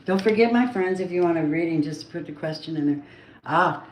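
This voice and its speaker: A woman's voice: on the low side, brisk. A woman giving a casual tarot card reading, chatty and blunt, swearing now and then. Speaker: tarot reader. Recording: roomy echo, faint noise.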